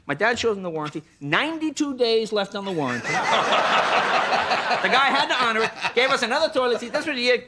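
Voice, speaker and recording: A man in his late thirties telling comic stories as a talk show guest, acting out the voices of the people he quotes. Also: very high voice. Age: late 30s. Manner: animated, acts out quoted voices, quick and excitable. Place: TV studio with a live audience. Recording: TV studio audio with hiss and audience.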